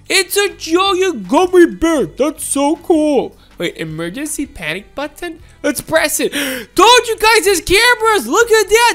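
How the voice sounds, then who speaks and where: High, lively woman narrating gameplay. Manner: excitable, gasping and laughing, talks to viewers. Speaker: gameplay video host. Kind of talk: excited gameplay commentary.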